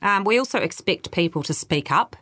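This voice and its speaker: A woman's voice: lowish voice, lively intonation, a little fast, a bit bright, no echo. A woman with a New Zealand accent, answering interview questions as a workplace culture adviser, explaining patiently. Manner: explanatory, quotes others in livelier voices.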